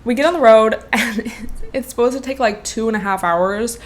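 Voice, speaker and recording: A woman's voice: a little high, normal speed. Chatty young woman telling a story. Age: 20s. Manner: chatty, swears freely, lots of "like" and "bro". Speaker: podcast host. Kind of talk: casual storytime chat.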